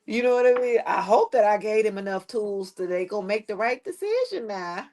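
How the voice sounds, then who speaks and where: A woman's voice: mid-range voice, animated, fairly quick, a little mellow. Middle-aged woman, live-stream host, rambling and blunt, talks straight to camera. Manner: rambling, emphatic, blunt with swearing. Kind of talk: casual live-stream chat.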